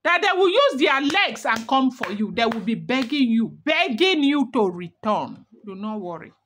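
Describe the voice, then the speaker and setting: A woman's voice: a little high, big pitch swings, normal speed, a bit bright. Dramatic woman retelling gossip. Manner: dramatic, repetitive, emphatic. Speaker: celebrity gossip vlogger. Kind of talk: storytelling gossip narration.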